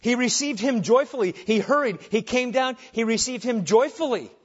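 A man preaching a sermon with emphasis, dropping soft on key phrases and rising when animated. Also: extremely high pitch, normal speed, slightly rough, dull audio. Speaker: pastor.

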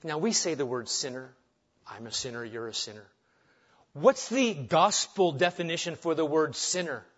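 A man preaching a sermon with emphasis, dropping soft on key phrases and rising when animated. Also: on the high side, normal speed, highs cut off. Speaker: pastor.

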